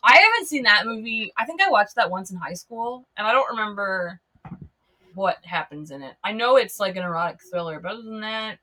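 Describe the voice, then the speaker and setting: A woman's voice: mid-range voice, expressive, a little fast, bright, forceful tone. A woman from Minnesota, a guest on a film podcast, talking casually and giggling, with lots of "like" fillers. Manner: chatty, giggly, many "like" fillers. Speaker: podcast guest, staff writer.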